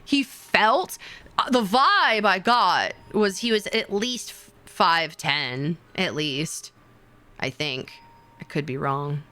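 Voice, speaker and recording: A young woman streamer chatting with her viewers, rambling and excitable, with many fillers and sudden high squeals. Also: slow. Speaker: VTuber streamer. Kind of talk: casual stream chat with viewers.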